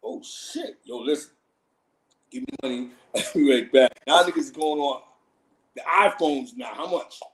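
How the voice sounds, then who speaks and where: A man's voice: on the high side, a little slow, long pauses, poor audio. Slangy, laughing New man. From Harlem, New York. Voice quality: slangy, laughs often, animated. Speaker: livestream host. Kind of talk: casual street storytelling.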